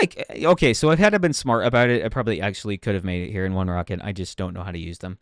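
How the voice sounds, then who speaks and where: A man narrating his own gameplay in a loose, rambling way, often poking fun at himself. His voice is smooth and clear, recorded dry and close with no room sound. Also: deep voice, rapid-fire, hardly any pauses, fairly bright tone, no echo. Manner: chatty, self-mocking, talks to himself while playing. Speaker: game streamer. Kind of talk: casual gameplay commentary.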